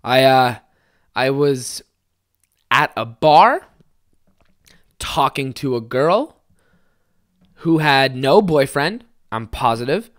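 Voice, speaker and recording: A young man with a fairly high voice hosting a casual solo podcast, rambling and swearing a lot as he tells stories. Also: takes it slowly, long pauses. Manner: rambling, heavy swearing, animated storytelling. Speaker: podcast host.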